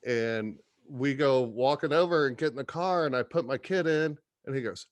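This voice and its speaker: Man, podcast guest, cussing storyteller, mid pitch, dead-dry close sound. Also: normal speed, hardly any pauses, dry recording. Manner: profane, animated storyteller. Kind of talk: casual storytelling chat.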